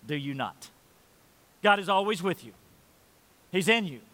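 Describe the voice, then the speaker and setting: A man with a high voice preaches a sermon in a church hall, and his words ring out in a long reverb. He drives key words hard, then drops to a low, quiet voice to make a point. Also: lively intonation, unhurried. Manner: emphatic preaching, swings loud and soft. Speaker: pastor.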